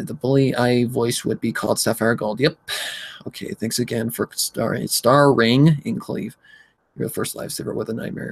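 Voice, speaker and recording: A man's voice: medium pitch, no room sound. A man chatting casually on a livestream, rambling and swearing while he reads the chat aloud and hums to himself as he scrolls. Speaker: livestream host.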